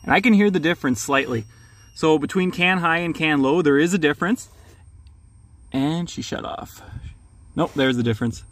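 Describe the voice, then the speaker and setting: A man's voice: fairly high pitch, normal speed, pauses often, a bit bright. A male mechanic hosting a casual, plain-spoken how-to tutorial from his garage. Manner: plain-spoken, hands-on, practical. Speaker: mechanic, channel host.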